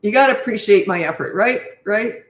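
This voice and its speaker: A woman's voice: medium pitch, animated, brisk, roomy sound, slight background noise. An older woman, a parenting coach, answering viewer questions in a frank, chatty live Q&A and thinking aloud as she goes.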